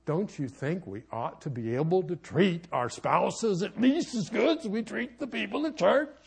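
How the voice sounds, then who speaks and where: A man preaching in church as a pastor and marriage counselor, telling a personal story with sudden shouts and asides. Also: high voice, expressive, normal speed, creaky, breathy edge.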